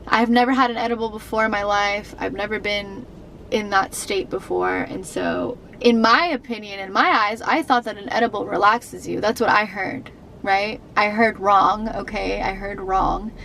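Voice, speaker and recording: A woman's voice: medium pitch, normal speed, creaky, a bit bright, a little hiss or hum, poor audio. A young adult woman vlogging to camera, telling a personal story in an emotional, rambling way with many fillers and restarts.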